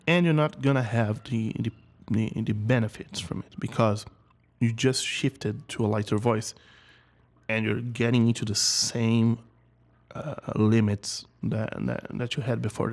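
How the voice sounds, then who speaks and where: A man with a mid-range, slightly mellow voice gives a casual singing lesson on video, often repeating words and occasionally singing short example notes.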